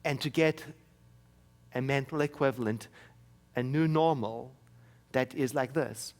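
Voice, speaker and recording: A man's voice: medium pitch, measured pace, pauses often, a little mellow. A man giving a sermon as minister, telling personal stories with wry, self-mocking humor. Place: church.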